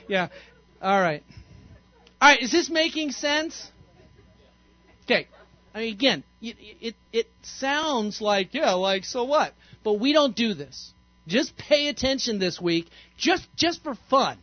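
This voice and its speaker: A man's voice: very high-pitched, sing-song, slow, pauses often, no room sound, muffled recording. A man, a pastor, giving an interactive sermon in a conversational, playful way and quizzing the congregation. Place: church sanctuary.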